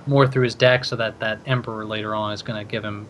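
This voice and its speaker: A man's voice: lowish voice, fairly even intonation, fast talker, a bit bright, a little hiss or hum. A man casting a card game tournament, talking through each play with plenty of thinking-aloud fillers. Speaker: esports caster.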